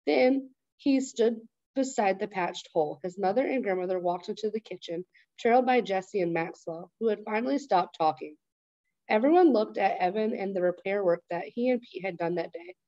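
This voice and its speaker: A woman teacher reads a chapter book aloud in a steady, clear voice with a dark, mellow tone. The recording is dry and close, with a dull, muffled sound. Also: medium pitch, moderate pace, no room sound. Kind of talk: read-aloud storybook narration.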